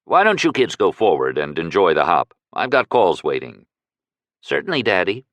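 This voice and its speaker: A man's voice: low voice, huge pitch swings, moderate pace, fairly bright tone, no echo, heavily acted. A male reader voicing a busy, genial middle-aged businessman and father.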